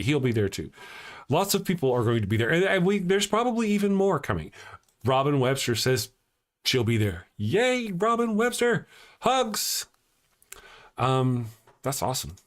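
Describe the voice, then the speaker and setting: A man hosting a casual live morning show, reading out his chat and rambling between loud mocking rants and quiet, heartfelt thanks. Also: mid-range voice.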